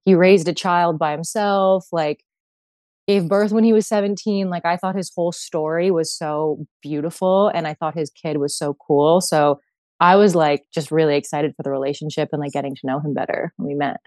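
A woman's voice: sits low, fairly even intonation, normal speed, darkish tone, no room sound. A young woman with a Canadian accent, chatting as a podcast guest and filling her speech with "like". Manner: chatty, heavy use of "like". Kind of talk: casual chat.

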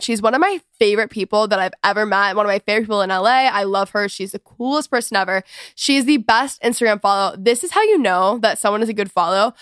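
A young woman from Texas hosts a chatty podcast, bubbly and rambling. Her voice sits fairly high. The sound is close and dry. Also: fairly bright tone, clear, resonant tone, no echo. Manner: bubbly, rambling, lots of "oh my gosh" and "like". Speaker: podcast host. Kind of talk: casual podcast chat.

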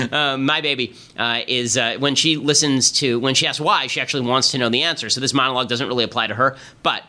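A man hosting a political commentary podcast, talking in a fast, emphatic, sarcastic way. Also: medium pitch, expressive, sharp tone. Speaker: podcast host.

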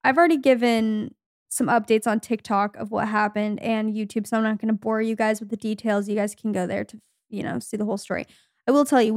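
A woman's voice: mid-range voice, gravelly, no echo, clean studio sound. A woman in her twenties co-hosting a podcast, telling stories in a chatty way and acting out the people she quotes. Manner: chatty storytelling, quoting people in a lively voice. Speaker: podcast co-host. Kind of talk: casual chat.

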